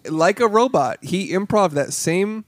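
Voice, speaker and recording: A man's voice: sits high, animated, a little slow, dry recording. A man co-hosting a casual podcast, rambling through film trivia with many restarts and casual swearing. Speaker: podcast co-host. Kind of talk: casual chat.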